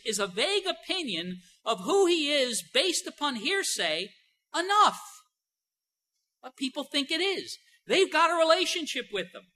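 Male pastor, sermon delivery, bright edgy tone, emphatic, talky with "you know" fillers. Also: very high voice, low-quality recording. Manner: swings between soft and loud emphasis.

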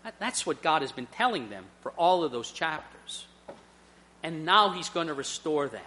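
A middle-aged male preacher delivers a sermon in a high, bright, forceful voice. He weaves in personal stories with earnest honesty. His delivery rises into emphatic swells. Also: big pitch swings, moderate pace, a little hiss or hum.

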